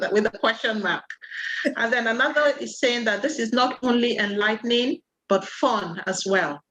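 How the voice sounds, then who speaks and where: A woman's voice: a little high, unhurried, fairly bright tone, slight background noise, poor audio. A woman moderating a video call session, reading out audience comments and calling on people to ask questions.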